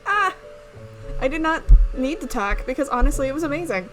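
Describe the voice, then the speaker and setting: A woman hosting a let's play, reacting with excited gushing. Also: high-pitched, fast talker, over loud music. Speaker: gaming video host.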